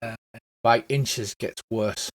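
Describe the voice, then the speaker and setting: A man's voice: mid-range voice, fairly even intonation, slow, dry recording. A man, narrating a tabletop game as game master in a jokey, upbeat way.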